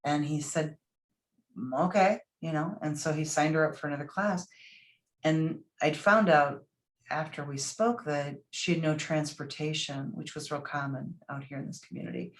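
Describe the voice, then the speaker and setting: A woman guest on a podcast interview, telling a personal story in a lively way and acting out what people said. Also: low voice, moderate pace. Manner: lively storyteller who acts out quoted voices. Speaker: podcast guest, motivational speaker.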